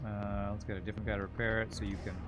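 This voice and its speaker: A man's voice: lowish voice, little pitch movement, very fast, over music. Chatty man streaming a game. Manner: chatty, answers viewer questions while playing. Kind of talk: casual gameplay commentary.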